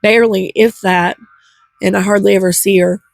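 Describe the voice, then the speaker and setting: An older woman chats casually to camera in a rambling, heartfelt way. Her voice is gravelly and a little husky. The sound is dry and close. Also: mid-range voice, fairly even intonation, normal speed, no room sound. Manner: rambling, chatty, gets teary. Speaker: vlogger.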